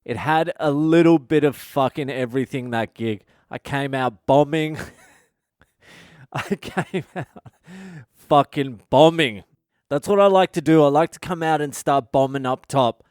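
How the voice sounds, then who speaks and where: A man rants through a story in a blunt, swearing, casual monologue. His voice is smooth and resonant, and the recording is close and dry with no room sound. He talks like a podcast host just letting it all out. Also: on the high side, normal speed, a little mellow, no room sound. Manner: foul-mouthed, blunt, ranting.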